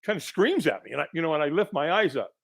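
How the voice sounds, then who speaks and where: A middle-aged man, a podcast guest, telling a personal story in an animated way and acting out the people in it. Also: a little high, very fast, gravelly. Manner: animated storyteller who acts out quoted voices.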